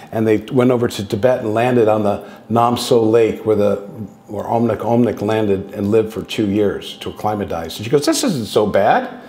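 A man's voice: mid-range voice, warm tone. A man in his sixties telling long, loose personal stories as a guest speaker, restarting sentences and acting out bits of dialogue. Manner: loose and digressive, with frequent restarts and acted quotes. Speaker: guest speaker on contact experiences. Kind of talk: rambling anecdotal storytelling. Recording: roomy echoey sound.

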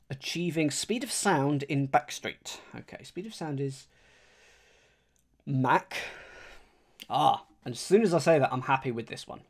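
A man chats casually on a live stream. He mulls things over out loud, repeats phrases to himself and talks straight to his audience in a relaxed, conversational way. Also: a little high. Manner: thinks aloud, rereads clues slowly, chatty with viewers. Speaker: streamer solving a crossword.

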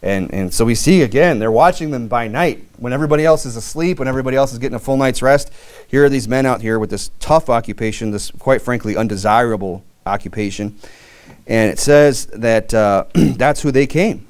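A man's voice: medium pitch, fairly quick. A married man preaching a sermon in a loose, conversational way, with frequent fillers and restarts. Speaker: pastor.

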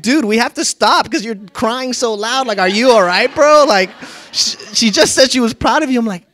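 A man preaching a sermon, swinging from loud bursts to hushed lines and repeating key phrases for emphasis. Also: extremely high pitch, moderate pace. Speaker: pastor.

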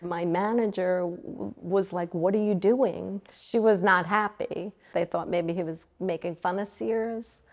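Middle-aged long island woman, bit of fry in her voice, chatty, pokes fun at herself. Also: on the low side, fairly even intonation, measured pace, few pauses. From Long Island, New York. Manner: chatty, self-deprecating storyteller. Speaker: interview guest. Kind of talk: casual reminiscing interview.

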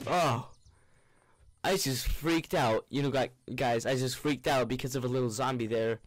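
A young gaming YouTuber delivers goofy, rambling let's play commentary, breaking into panicked shrieks in bursts. His voice sits at a medium pitch and his delivery is unhurried.

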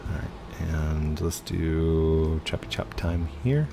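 A man's voice: a bass voice, slow pace, gravelly, music in the background. A man hosting casual let's-play commentary at his home computer, chatting to viewers and narrating his own moves. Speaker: gaming channel host.

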